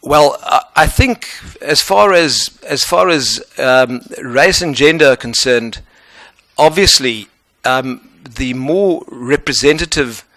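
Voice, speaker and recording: A man with a South African accent answering questions as an advocate in a formal interview, earnest and measured. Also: mid-range voice, pushed and bright, no room sound.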